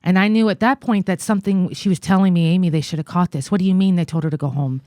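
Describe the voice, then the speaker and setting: An American woman in her forties, a guest in an interview, telling a personal story in a halting, earnest way with many fillers. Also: on the low side, mellow, dry recording, clean studio sound. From United States. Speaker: guest, congressional candidate.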